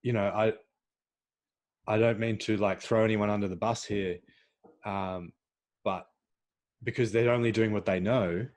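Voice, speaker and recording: A man hosts a podcast in casual conversation, his voice sitting a little low. He gropes for words, stopping and restarting with frequent fillers. It comes across as an open, unpolished chat. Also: steady tone, unhurried, long pauses, darkish tone. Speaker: podcast host.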